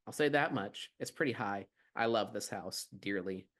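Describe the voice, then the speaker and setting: A man's voice: lowish voice, normal speed, a bit bright. A man co-hosting a podcast in casual chat, rambling and playful. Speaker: podcast co-host.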